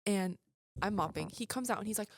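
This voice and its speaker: A teenage girl hosts a relaxed chat with a friend, laughing often and teasing. Her pitch sits mid-range for a woman. The sound is dry and close, with no room echo. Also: fairly quick, creaky. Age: teens. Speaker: host. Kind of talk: casual chat.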